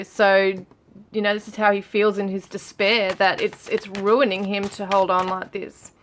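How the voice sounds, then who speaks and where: A woman giving a relaxed tarot reading, musing aloud with frequent fillers as she reads out card messages. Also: medium pitch, background noise. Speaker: tarot reader. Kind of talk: casual tarot reading for viewers.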